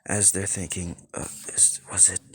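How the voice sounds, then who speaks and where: Low-voiced man rambling through a story. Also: little pitch movement, unhurried, husky, in a whisper. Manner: rambling, full of "like" and restarts. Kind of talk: improvised fan-fiction narration.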